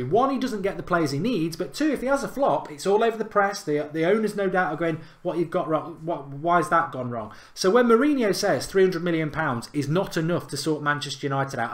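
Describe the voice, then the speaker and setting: Guy hosting his fan channel, fired-up football rant, a bit high-voiced, keeps hammering the same point. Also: lively intonation, fairly quick, few pauses. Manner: emphatic, indignant, repeats points for effect.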